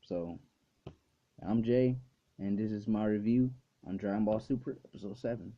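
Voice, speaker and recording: A man's voice: on the low side, moderate pace. A man hosting a casual video review who talks loosely and swears a lot, with many fillers. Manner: loose and profane, full of "like" fillers. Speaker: anime reviewer and channel host. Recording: dull lo-fi recording.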